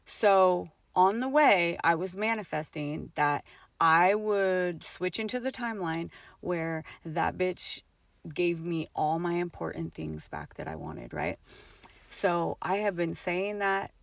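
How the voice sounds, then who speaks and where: A woman's voice: lowish voice, takes it slowly, creaky, dry recording, studio quality. A middle-aged mother telling a personal story in a casual vlog, swearing often, with lots of fillers and emphatic swings.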